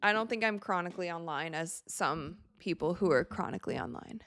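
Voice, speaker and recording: A young woman from the United States hosting a live watch party, chatting casually with viewers and reacting excitably to the game. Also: fairly low pitch, a little fast, no echo, studio quality. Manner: chatty, excitable, reads viewer messages aloud. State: tired, yawning.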